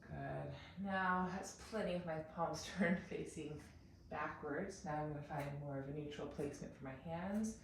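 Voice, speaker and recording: A woman teaching a yoga class, calmly talking students through poses and breaths. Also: deep voice, gravelly, recorded from a distance, a little hiss or hum. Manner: calm, unhurried cueing with breath counts. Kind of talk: guided yoga instruction. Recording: very echoey room, off mic.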